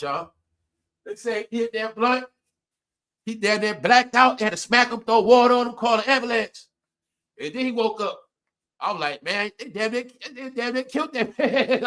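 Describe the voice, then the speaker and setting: A middle-aged man telling personal stories to his viewers in casual chat, animated and laughing often, jumping from loud outbursts to low mutters. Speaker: live stream host.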